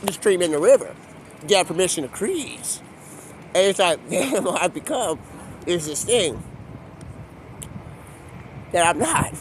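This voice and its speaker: A man's voice: high voice, very animated, unhurried, long pauses, slight background noise. Rambling man live-streaming on the street. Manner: rambling, free-associating, jumps between topics. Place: outdoors on a city street.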